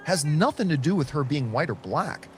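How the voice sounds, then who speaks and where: Man reading a script, high voice, lively pitch, measured delivery. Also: a little hiss or hum. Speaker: commentator in a played video clip.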